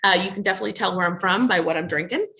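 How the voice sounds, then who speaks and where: A woman in her thirties with a New Jersey accent talks to a bookstore crowd, joking at her own expense and laughing between stories. Her voice is bright and forward, neither high nor low. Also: very fast, gravelly. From New Jersey, USA. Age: 30s. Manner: jokey, self-deprecating, laughs often. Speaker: author speaking at a bookstore event. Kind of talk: casual, self-mocking talk to an audience.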